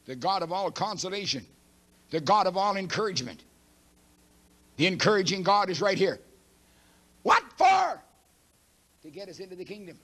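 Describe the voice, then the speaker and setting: The preacher's voice is high-pitched, and he moves between forceful declarations and soft asides. Emphatic and preachy, he reads scripture aloud at a brisk pace.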